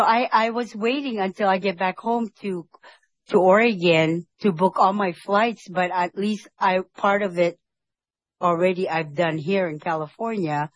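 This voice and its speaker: A woman talking earnestly and emotionally about her faith and an upcoming trip, often halting and restarting. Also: on the low side, no echo. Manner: speaks of God with devout fervor. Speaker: vlogger sharing a faith testimony. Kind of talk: heartfelt personal vlog.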